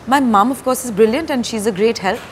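A woman, talking as a guest in a candid stage interview, soft-spoken and hesitant with many fillers. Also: fairly high pitch, a little fast, a little hiss or hum. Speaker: actor and director, interview guest. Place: stage before a live audience.

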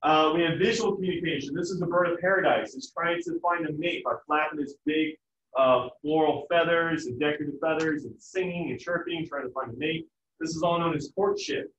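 A man's voice: on the high side, a little fast, fairly bright tone, a little hiss or hum. A man teaching a biology class in a casual, joking lecture manner. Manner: casual, joking, acts out family voices. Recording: echoey, distant, dull room sound.

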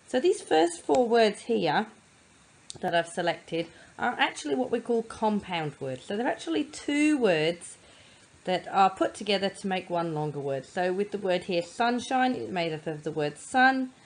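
A woman tutor explaining how to divide words into syllables, sounding words out slowly and patiently. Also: mid-range voice, a little mellow, poor audio. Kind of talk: phonics lesson explanation.

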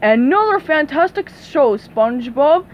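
A woman's voice: sits high, animated, unhurried, highs cut off, a little hiss or hum, voice pushed up. A woman voicing an enthusiastic male TV producer in a storybook reading, hearty and full of praise.

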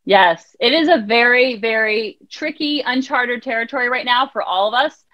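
A woman, a child counselor and life coach, talking as a guest on a podcast, animated and acting out quotes in voices. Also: on the high side, moderate pace, dry recording, muffled recording. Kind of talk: podcast interview conversation.

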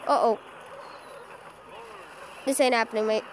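Excitable high-voiced woman gaming. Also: unhurried, background noise. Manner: excitable, swings between cheering and groaning. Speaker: gaming channel host. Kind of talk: live gameplay commentary.

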